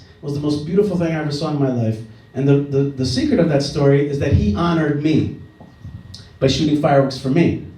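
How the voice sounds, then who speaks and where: A man's voice: on the high side, warm tone, far from the mic. Middle-aged man speaking in an echoey hall. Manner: earnest, repeats key phrases, frequent restarts. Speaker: speaker at a dialogue gathering. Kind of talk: public talk with storytelling. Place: indoor event hall. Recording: roomy hall, speaker away from mic.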